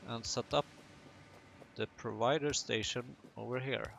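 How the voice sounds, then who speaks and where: Slow, gravelly man narrating gameplay. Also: mid-range voice, steady tone, fairly bright tone, a little hiss or hum. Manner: chatty, self-mocking asides while building. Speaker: gaming video host. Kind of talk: casual let's-play commentary.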